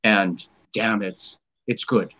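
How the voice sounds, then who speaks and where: Guy hosting a stream, excited and rambly, lots of uhs, a bit muffled. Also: on the low side, slow pace. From United States. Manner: enthusiastic, rambling, many fillers and restarts. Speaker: live stream host. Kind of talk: casual live stream chat.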